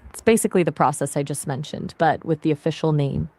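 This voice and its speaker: A woman's voice: low voice, fast talker, background noise. A woman's voice as an AI voice assistant, chatting casually and friendly, answering questions and asking questions back.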